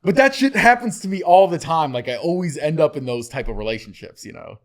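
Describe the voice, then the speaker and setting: A man hosting a casual podcast chat, with a lively, joking storytelling manner. He curses freely and slips into quick acted voices when quoting people. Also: a little high. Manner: animated, jokey, swears, acts out quoted voices. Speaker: podcast host.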